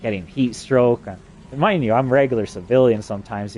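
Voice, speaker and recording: A man's voice: lowish voice, normal speed, a little mellow, a little hiss or hum. A man from New Mexico delivering an agitated, profanity-laden rambling monologue. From New Mexico, USA.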